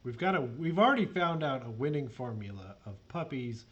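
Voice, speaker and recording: A podcast co-host asking questions with a joking air. The voice is mid-pitched and swings livelily. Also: sing-song, normal speed, highs cut off. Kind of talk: interview.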